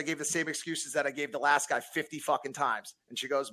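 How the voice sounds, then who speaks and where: A man in his thirties from Connecticut speaks with a bright, forceful edge. His storytelling is blunt and full of swearing, and he often restarts his sentences as he pushes through the story. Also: a little high, steady tone, a little fast, hardly any pauses. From Connecticut, USA. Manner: blunt, heavy swearing, frequent repeats. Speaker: podcast guest. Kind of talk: casual podcast storytelling.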